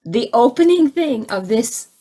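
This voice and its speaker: A woman with a slightly husky, breathy voice tells a personal spiritual story in a casual, lively way. She imitates sounds and other voices as she goes, and often restarts her sentences. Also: a little high, measured pace. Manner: frequent restarts, laughs between phrases. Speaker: spiritual speaker.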